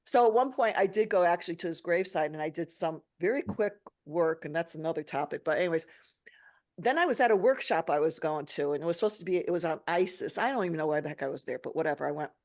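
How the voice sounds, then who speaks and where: A woman's voice: on the low side, fast talker. A woman podcast host telling a personal story with feeling and acting out the dialogue. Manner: emotional, animated, acts out dialogue.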